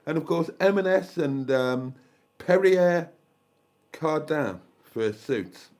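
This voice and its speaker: A man's voice: on the high side, expressive, slow pace, darkish tone. An older man with a South Welsh accent, hosting a live stream in casual chat, rambling as he thinks aloud and thanks viewers. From South Wales.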